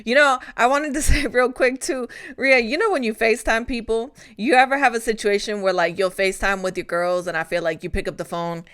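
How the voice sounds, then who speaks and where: A woman on a radio show who playfully brings up topics for discussion. Her voice is smooth and clean. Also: on the high side, steady tone, fairly quick, few pauses, fairly bright tone. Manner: playful, laughing, steers the topics. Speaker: radio co-host. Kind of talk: casual chat.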